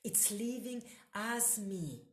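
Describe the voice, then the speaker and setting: A woman hosting a solo podcast, delivering a slow spiritual monologue with incantatory, repetitive phrasing. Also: medium pitch, animated, roomy sound.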